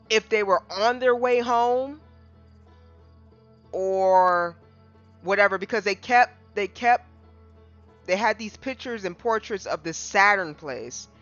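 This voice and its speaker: A gaming streamer casually recapping a game, excitable, with dramatic restarts and big jumps in pitch. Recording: slightly dull lo-fi mic with faint music.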